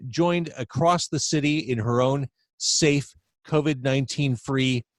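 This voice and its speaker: A man's voice: medium pitch, unhurried, dry recording. A man hosting a podcast over a video call from home, chatty and self-deprecating, rambling with fillers as he talks. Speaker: podcast host. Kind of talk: casual interview chat.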